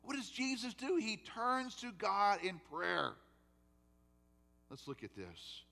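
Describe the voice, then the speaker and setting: A male pastor preaching a sermon and telling a story, swinging between loud emphasis and quiet, soft passages. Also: sits high, wildly swooping pitch, takes it slowly, gravelly, in a large hall. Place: church sanctuary.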